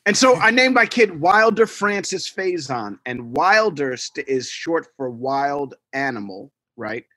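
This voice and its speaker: A man co-hosting a podcast, telling animated stories and acting out the quotes in casual chat. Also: on the high side, unhurried, dry recording, clean studio sound. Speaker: podcast co-host.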